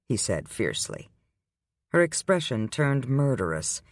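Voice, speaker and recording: A man's voice: mid-range voice, sing-song, measured pace, no room sound, clean studio sound. Man narrating a romance audiobook. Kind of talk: scripted narration.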